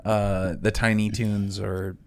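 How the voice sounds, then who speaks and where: A man's voice: on the low side, flat delivery, slow pace, darkish tone. A man co-hosting a casual podcast, telling rambling anecdotes full of fillers. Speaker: podcast co-host.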